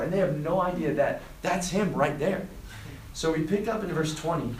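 Animated preacher man in an echoey room. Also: high voice, normal speed. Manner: animated storytelling, acts out quoted lines. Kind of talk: sermon to a student group.

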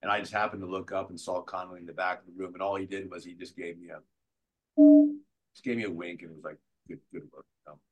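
Lively man telling set stories. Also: low-pitched, fast talker, slightly rough. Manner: animated, restarts sentences often. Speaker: actor guest. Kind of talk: casual interview storytelling.

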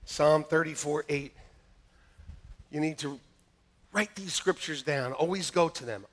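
A man preaching a sermon to his church, joking and lively, then turning quietly earnest. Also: fairly high pitch, unhurried, pauses often. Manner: jokey and animated, swinging between loud punchlines and quiet earnest asides. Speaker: pastor. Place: church sanctuary with a congregation. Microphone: church sound system, live-streamed.

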